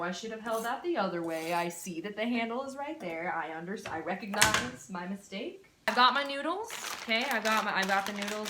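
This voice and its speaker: A woman chatting through a casual cooking vlog in her home kitchen, rambling and poking fun at herself as she gets flustered. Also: medium pitch. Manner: rambling, self-deprecating, flustered. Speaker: vlogger cooking on camera. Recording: echoey room with clear background noise.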